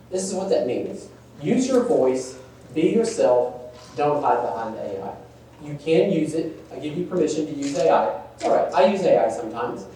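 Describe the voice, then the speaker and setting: A man's voice: medium pitch, warm tone. A man giving a conversational workshop talk on email marketing, asking the audience questions and poking fun at stiff wording. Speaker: workshop presenter. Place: large meeting room. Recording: echoey room, distant mic, faint room noise.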